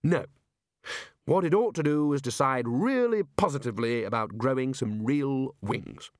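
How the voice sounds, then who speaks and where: Give me a bossy, blustering old-school wizard chief, put on by a male reader, with lively swoops of pitch. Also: unhurried, no room sound, studio quality. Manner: blustering, hectoring questions.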